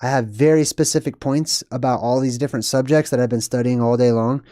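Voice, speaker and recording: A man's voice: mid-range voice, fairly even intonation, a little fast, dark tone, no echo, clean studio sound. A young man hosting a live stream, chatting casually and rambling as he reads out viewer comments. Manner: rambling, chatty, laughs at himself.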